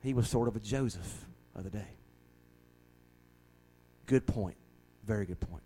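A man's voice: lowish voice, a little slow, mellow, poor audio. A man who is a pastor, earnestly leading a Bible study and often repeating words as he starts a thought.

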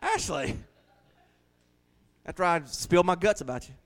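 A man's voice: high-pitched, huge pitch swings, moderate pace. A man preaching a folksy, joking sermon in a small church, laughing often. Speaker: pastor.

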